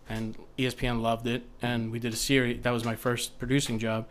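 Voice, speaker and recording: A man spins long rambling stories in loose, casual talk. His voice sits at an ordinary middle pitch. He slips into quick impressions of the people he is quoting. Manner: rambling, animated storyteller who acts out quotes. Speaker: TV producer guest. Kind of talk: casual podcast storytelling.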